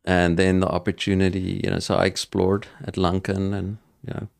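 A middle-aged South African man with a very low, gravelly voice, speaking as a podcast guest. He thinks aloud as he goes and leans on ums and restarts. The sound is close and dry. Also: level tone, normal speed, dry recording. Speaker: podcast guest, entrepreneur and cattle farmer. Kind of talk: casual interview conversation.

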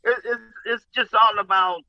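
A man's voice: high voice, fairly even intonation, normal speed. A man talking emphatically in a casual group discussion, repeating words and swearing casually. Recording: muffled lo-fi sound.

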